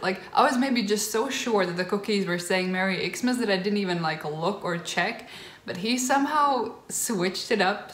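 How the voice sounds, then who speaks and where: A young woman vlogger telling a personal story in a casual, gushing way, emotional and near tears, with lots of fillers. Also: medium pitch. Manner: gushing, tearful excitement, filler-heavy. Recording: roomy echo.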